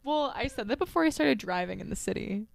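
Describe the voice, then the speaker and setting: A woman's voice: on the high side, animated, fast, gravelly, dry recording, studio quality. A young woman co-hosting a podcast in casual chat, laughing and saying "like" a lot. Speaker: podcast co-host. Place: lives in Boston.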